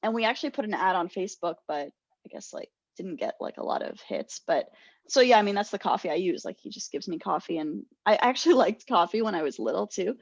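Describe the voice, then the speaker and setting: In casual podcast chat, a young adult female co-host tells stories animatedly and laughs a lot. She speaks briskly at medium pitch with lively intonation and a creaky quality. The sound is dull, dry lo-fi with no room sound.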